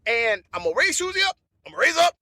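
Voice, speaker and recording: A man hosting a comedy podcast, talking in a loose, animated monologue. He repeats phrases and breaks into laughter. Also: very high-pitched, rapid-fire.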